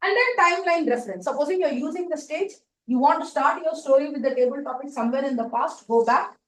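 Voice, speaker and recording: A high-pitched woman leads a workshop session, explaining and stressing her advice point by point. She sits a little away from the mic, and her voice rings in a reverberant room over a faint hiss. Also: quick pace. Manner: emphatic, explanatory, repeats key points. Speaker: speaker giving a contest training session. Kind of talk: advisory workshop talk. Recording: echoey room, distant mic, faint noise.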